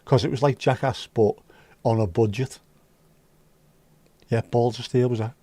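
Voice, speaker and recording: A man's voice: mid-range voice, fairly even intonation, measured pace, mellow, no room sound. A man hosting a casual livestream, chatting with viewers in sweary, joking banter. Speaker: livestream host reading chat. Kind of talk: casual chat.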